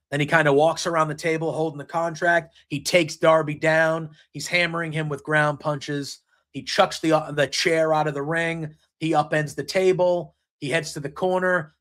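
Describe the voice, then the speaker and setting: A man's voice: fairly high pitch, fairly bright tone. A man hosting a casual solo wrestling recap, retelling the action play by play with frequent ums. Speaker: wrestling show recap host.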